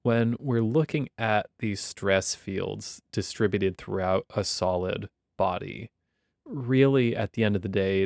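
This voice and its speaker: Guy lecturing on engineering, low gravelly voice, dry close sound, kinda wry and chatty. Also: darkish tone, dry recording. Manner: wry, conversational explaining. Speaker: university lecturer.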